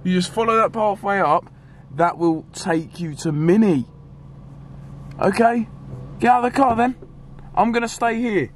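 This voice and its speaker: Young man with a high voice. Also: a little slow, long pauses, faint music behind. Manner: shouting pleas and commands, then calm to-camera wrap-up. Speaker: vlogger. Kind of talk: acted skit vlog. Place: outdoors and in a car at night.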